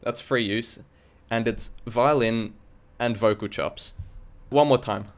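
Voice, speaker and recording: A man's voice: mid-range voice, slow pace, faint music behind. An Australian man in a casual, sweary, self-mocking walkthrough of his own song project from a home studio. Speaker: hobby music producer. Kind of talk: casual screen-recorded walkthrough.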